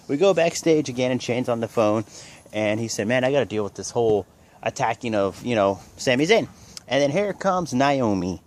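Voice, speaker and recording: Rambling man recapping wrestling. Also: a little fast. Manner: rambling, strings events with "and then" and "pretty much"; slips into excited higher-pitched bursts on big moves. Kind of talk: casual play-by-play recap.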